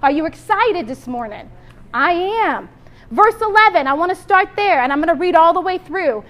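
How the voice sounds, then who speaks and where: A young woman with a very high voice preaches a sermon and reads scripture aloud. She speaks with strong emotion, and her voice swells and softens as she goes. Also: animated, normal speed. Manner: emotional, exclamatory, rises and drops in loudness.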